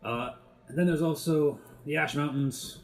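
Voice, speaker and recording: A man narrating a tabletop game as game master in a relaxed, improvised way. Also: a little high, a little slow.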